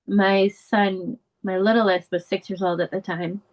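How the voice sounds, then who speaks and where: Poor audio carries a woman's measured voice with little pitch movement, except when emotion pushes it higher. She's a middle-aged bereaved mother and advocate speaking candidly as an interview guest, earnestly relating a painful family story.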